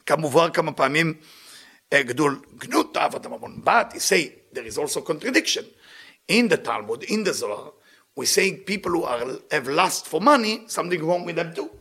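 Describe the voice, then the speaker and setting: A man teaching a religious lesson in a fast, lively voice that swoops up and down. His tone is bright and gravelly, with a husky edge. He tells his stories animatedly and breaks into laughter. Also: a little high. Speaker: Torah teacher. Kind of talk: religious lecture with storytelling.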